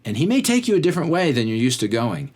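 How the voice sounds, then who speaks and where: A man's voice: medium pitch, sing-song, fast talker, a little mellow. Guy hosting a faith podcast, chatty and rambly, voice all over the place, goes off on tangents. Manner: conversational, fills with "like". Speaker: podcast host. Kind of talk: faith-based motivational talk.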